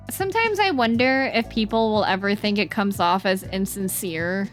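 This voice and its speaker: Streaming to her chat, a young woman talks casually and earnestly, slipping into silly, playful noises at times. She has a mid-range voice and speaks at a moderate pace, with faint music in the background.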